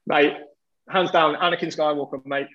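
Animated bloke telling stories. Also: male voice, on the high side, normal speed. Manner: animated, laddish, swears freely. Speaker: former footballer guest. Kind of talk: casual storytelling. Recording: dull lo-fi audio.

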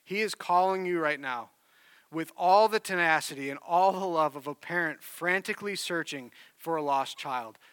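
Bright-voiced pastor telling a story. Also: male voice, a little high, clean tone, dry recording. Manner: animated storyteller, earnest and conversational. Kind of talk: sermon with personal story.

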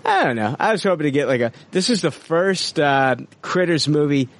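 A man hosts a podcast in loose casual chat. He swears freely and rambles, filling pauses with lots of uhs. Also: fairly high pitch, sing-song. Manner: profane, rambling, many fillers. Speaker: podcast host.

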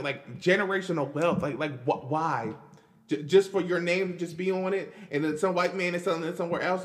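A man's voice: a little high, in a large hall. A man hosting his own podcast in a casual solo monologue, talking emphatically with lots of repeats and stammered restarts. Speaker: podcast host.

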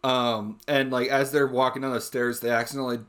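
A man's voice: mid-range voice, little pitch movement, fairly quick, fairly bright tone, smooth. Giggly man cracking jokes. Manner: giggly, jokey, laughs through his own setups. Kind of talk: casual chat among friends.

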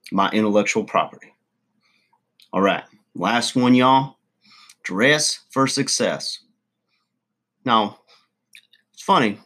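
A man's voice: mid-range voice, pushed and bright. A man, hosting a podcast as a folksy, rambling storyteller in a comic monologue. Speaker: podcast host.

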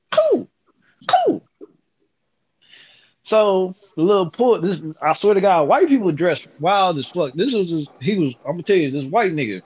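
A man's voice: sits high, husky, highs cut off. A man telling a story in a casual way, brash and full of profanity.

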